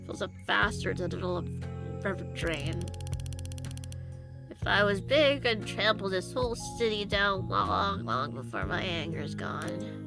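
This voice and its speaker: A woman's voice: mid-range voice, big pitch swings, measured pace, creaky, voice pushed down. A woman voicing a small, hot-tempered female homicide cop who talks in a blunt, irritable way, with faint music behind. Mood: indignant. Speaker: visual novel character.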